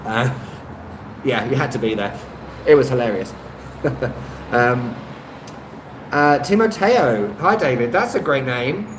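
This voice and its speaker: Slow and expressive with long pauses, a medium-pitched English man hosts a casual live stream and reads out comments from viewers. He wanders in his talk, fills gaps with "um," and laughs softly, recorded in an echoey indoor room with faint street noise.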